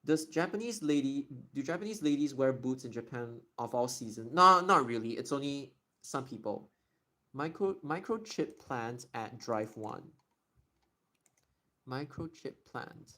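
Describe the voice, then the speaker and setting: Young male streamer, medium pitch, chatty and explanatory in a casual live Q&A. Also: animated, sharp tone. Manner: chatty and explanatory, slowly stretching out demonstration words. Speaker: live streamer answering chat questions.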